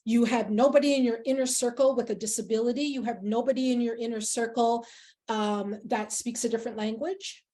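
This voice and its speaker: A workshop facilitator leads a workplace session, speaking earnestly and emphatically and using personal anecdotes to make her points. Her mellow voice is a little high, with fairly even intonation and a fairly quick pace.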